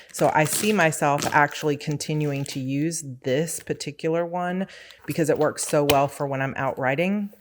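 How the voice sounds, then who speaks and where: A woman's voice: low voice, a little hiss or hum. Chatty woman showing off her planners. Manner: relaxed, rambling, with small laughs and asides. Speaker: author and planner vlogger. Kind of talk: casual chatty show-and-tell.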